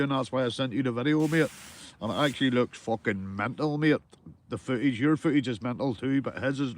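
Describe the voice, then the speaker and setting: Northern Irish man chatting to his stream from a fishing tent, friendly and rambling, calls everyone mate. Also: mid-range voice. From Northern Ireland. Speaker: livestreaming angler. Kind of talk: casual live-stream chat with viewers. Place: small fishing tent outdoors by water. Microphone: phone or camera on a live stream.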